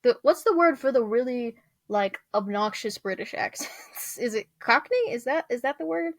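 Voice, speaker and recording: A woman's voice: a little high, lively intonation, normal speed, no echo. A young woman rambling through a casual rant, full of fillers, restarts and small laughs. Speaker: vlogger.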